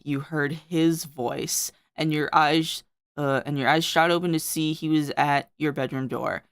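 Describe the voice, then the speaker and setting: A woman's voice: low-pitched, fairly even intonation, measured pace, clear, resonant tone, no echo, clean studio sound. A woman streamer reading her old fan fiction aloud to friends, breaking off to swear and comment.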